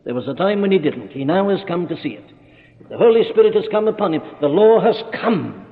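A man's voice: high-pitched, big pitch swings, a little fast. A man preaching an expository sermon, emphatic and reasoning aloud with rhetorical questions. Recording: tinny lo-fi recording with long hall reverb.

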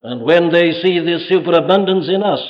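A man's voice: on the high side, brisk, lo-fi sound. A man preaching a fervent sermon from a pulpit, rising often into strong exhortation. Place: church pulpit.

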